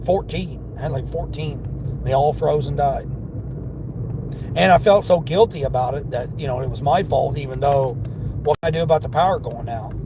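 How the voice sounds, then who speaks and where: A man's voice: mid-range voice, normal speed, gravelly, background noise. A man with a Southern accent chatting casually with his livestream viewers while driving for deliveries, rambling from one story to the next. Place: inside a car.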